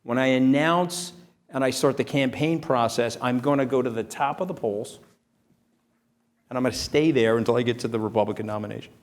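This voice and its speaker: A man's voice: medium pitch, fairly quick, lightly acted. A man putting on a blunt, boastful older male tycoon in an interview. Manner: blunt, self-assured, repetitive boasting.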